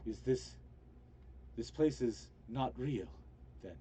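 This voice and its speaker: A man voicing a worried older male scholar and father, speaking in halting, hesitant bursts over an online voice call. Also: medium pitch, animated, mellow, slight background noise. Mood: uneasy.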